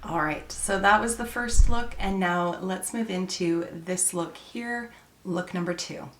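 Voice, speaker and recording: A woman beauty vlogger narrating a makeup tutorial in a relaxed, chatty voice-over, explaining each step. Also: on the low side, a little slow.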